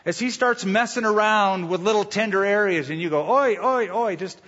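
A man's voice: high voice, brisk, fairly bright tone. A man preaching a sermon as pastor, emphatic and storytelling. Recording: lo-fi with long hall reverb.

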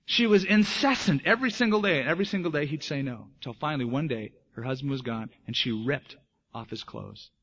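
A man preaching a sermon as pastor, lively and emphatic, acting out the voices of people in his stories. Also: mid-range voice, brisk, breathy edge. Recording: dull lo-fi sermon recording.

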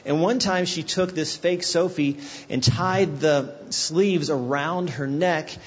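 A man's voice: on the high side, takes it slowly, slightly rough, highs cut off. A middle-aged man, a guest pastor, preaching a sermon. He explains scripture and tells stories, acting out the people in them. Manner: explanatory, storytelling with voiced asides.

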